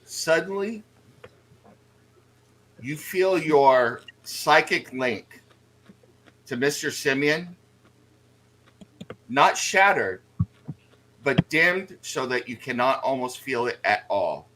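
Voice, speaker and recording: A man narrating as game master for a tabletop game, deliberate in delivery. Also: mid-range voice, lively intonation, fairly bright tone, poor audio. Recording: faint background noise.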